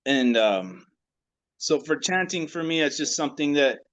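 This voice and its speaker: A man speaking on a video call, sharing personal reflections in a halting way with many restarts. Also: on the high side, expressive, a bit bright, dull audio. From United States. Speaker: class participant.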